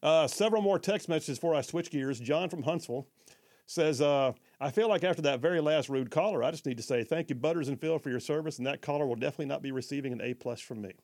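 A man's voice: fairly high pitch, quick pace, a little mellow. A man hosting a talk radio show, chatty and folksy, reading listener texts and often stumbling over his words.

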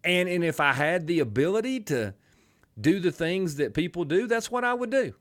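A middle-aged radio talk show host with an Alabama twang rambles animatedly at a normal speed, his slightly high voice rising and falling widely. The banter is casual, and he keeps straying into joking asides.

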